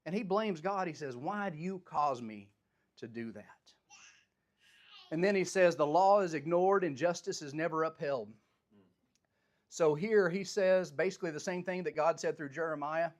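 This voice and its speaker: A man teaching a Bible study, reading scripture aloud and then paraphrasing it in plain, everyday speech. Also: on the high side. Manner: animated, voices the prophet's complaints with rising intensity.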